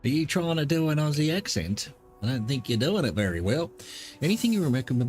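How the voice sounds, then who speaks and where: A man's voice: a little high, big pitch swings, a little fast, a little mellow. A man playing a video game and commenting wryly, talking back to the characters. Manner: wry, sarcastic, talks back to characters. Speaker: gaming streamer. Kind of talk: let's play commentary. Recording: with game music behind.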